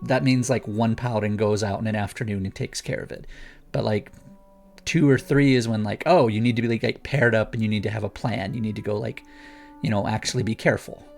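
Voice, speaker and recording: Male guest, gravelly, eager rambling explainer, faint music under. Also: on the low side, fairly even intonation, brisk, a little mellow. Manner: rambling, enthusiastic explainer with many restarts. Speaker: guest author. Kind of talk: casual chat.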